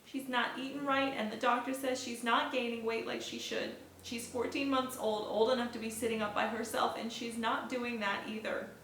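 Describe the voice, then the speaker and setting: A woman reads as a young waitress and mother, tearful and pleading, her voice pitched a little high and bright. The figure comes from a storybook read-aloud, taped in an echoing room. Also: little pitch movement, moderate pace, hardly any pauses, slight background noise.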